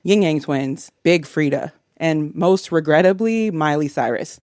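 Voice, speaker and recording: A woman's voice: sits low, a little slow, darkish tone, dry recording, studio quality. A woman making her case on a podcast with a confident, playful, conversational manner. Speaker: writer and debate guest. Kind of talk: casual podcast pitch.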